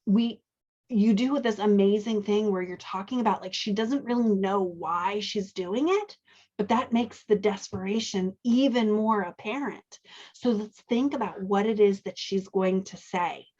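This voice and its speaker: A woman's voice: mid-range voice, measured pace, darkish tone, dull audio. A woman hosting a show, casually teaching dialogue as she edits a manuscript and often asking "right?" as she thinks aloud. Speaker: host and dialogue editor. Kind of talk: casual teaching chat while editing a manuscript.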